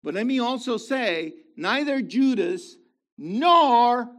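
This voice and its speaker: A man preaching a sermon in an animated way, swinging between loud emphasis and quiet asides, with playful remarks along the way. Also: extremely high pitch, slow pace.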